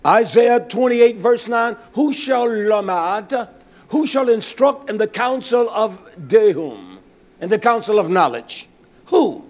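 Animated high-voiced male preacher. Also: takes it slowly. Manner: emphatic, rising to shouts. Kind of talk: sermon.

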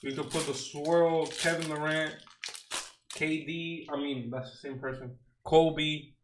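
Young man, casual unboxing chat, slangy and wisecracking, unhurried delivery, slightly high voice, echoey room. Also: steady tone, a little hiss or hum. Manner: slangy, wisecracking, mock-outraged. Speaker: card unboxing streamer.

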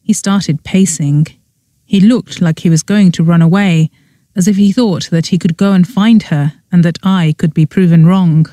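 An audiobook narrator reading a cozy mystery in first person, with an even storytelling manner. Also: medium pitch, moderate pace, dry recording, studio quality.

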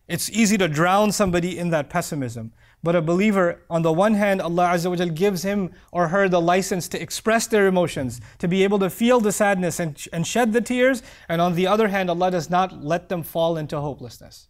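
A middle-aged man giving an earnest, heartfelt sermon, reciting Arabic verses quickly and dropping to soft low tones. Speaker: preacher.

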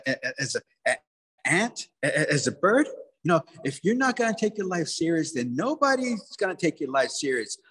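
A man's voice: fairly high pitch, a bit bright, slightly rough, full character voice, low-quality recording. A man voicing a worried mother who scolds her son and pleads for grandchildren, in a pleading, repetitive way. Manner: pleading, scolding, repeats herself.

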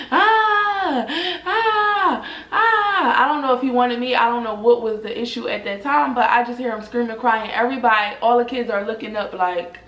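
A young woman tells a story straight to her viewers, animated and full of cursing, her voice a little high and bright. The room around her is noticeably echoey. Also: lo-fi sound. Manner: animated, profane, addresses viewers as "y'all". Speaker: vlogger telling a personal story. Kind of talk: casual storytime chat.

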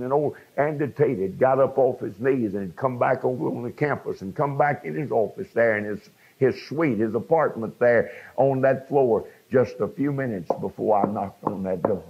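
A man's voice: mid-range voice, normal speed, vocal fry, few pauses, husky. An older man, preaching his own testimony to a congregation and speaking to the listeners directly. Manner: preaching storyteller, addresses the crowd directly. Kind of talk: sermon testimony. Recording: dull lo-fi sound.

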